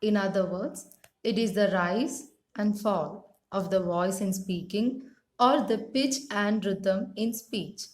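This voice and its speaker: A woman teaching English pronunciation and intonation, pronouncing each word slowly and carefully. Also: mid-range voice. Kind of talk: slow instructional reading of vocabulary. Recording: echoey room.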